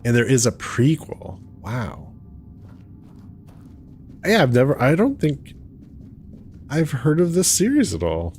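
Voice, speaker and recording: A man's voice: mid-range voice, wildly swooping pitch, slow pace, pauses often, a little mellow, faint music behind. A man hosting a let's play, chatting casually with viewers and laughing often. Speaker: gaming channel host.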